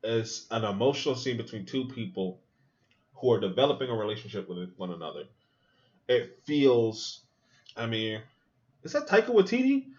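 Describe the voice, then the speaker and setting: A man's voice: on the low side, normal speed, lo-fi sound. A man hosting a podcast, talking casually and with profanity as he reacts aloud to a movie. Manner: animated, profane, thinks aloud with asides. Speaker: podcast host watching a movie.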